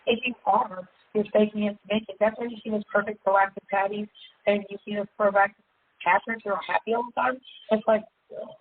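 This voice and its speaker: A woman hosting a self-help seminar, talking candidly and casually about her own life, laughing often and jumping up into a high pitch. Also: fairly even intonation, a little fast. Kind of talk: casual personal monologue. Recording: tinny phone-like audio with faint hiss.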